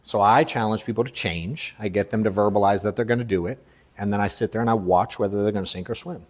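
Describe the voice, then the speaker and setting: A man in his thirties leads a live sales coaching session at a fast clip, blunt and profane. He shifts back and forth between forceful emphasis and low, quiet asides.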